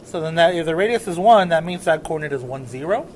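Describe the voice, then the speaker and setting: A man with a slightly high voice talks through math notes in a loose, casual teaching manner. He keeps checking whether the class is following. A faint hiss sits under his voice. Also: expressive, fast. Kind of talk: recorded lesson walking through notes.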